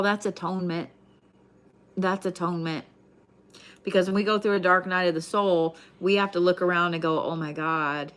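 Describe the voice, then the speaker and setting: A woman giving a live tarot reading in a casual, chatty way, swearing freely. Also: fairly low pitch. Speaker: tarot card reader.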